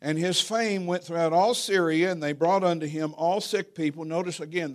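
A man's voice: a little high, moderate pace. A middle-aged man, a pastor preaching a sermon and telling stories in a folksy, humorous way. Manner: folksy, humorous, animated storytelling. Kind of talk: sermon with storytelling.

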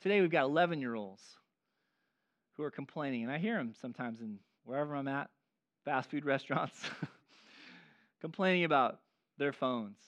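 A man preaching a sermon as pastor, animated and acting out the voices of people he quotes. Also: medium pitch, normal speed, long pauses, dull audio.

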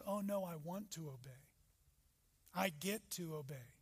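High-voiced preacher man in a reverberant hall. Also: unhurried, long pauses, slightly rough. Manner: emphatic preaching with sudden loud rises and soft drops. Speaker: pastor. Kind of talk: sermon.

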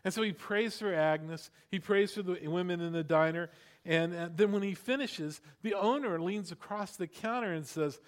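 A middle-aged man preaching a sermon in a lively, conversational way, with frequent asides to the congregation. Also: fairly high pitch, moderate pace. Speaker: pastor. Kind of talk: sermon with storytelling.

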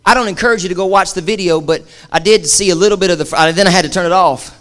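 A male pastor preaching a lively sermon, mixing jokes and acted-out asides with shifting pace. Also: high-pitched, rapid-fire.

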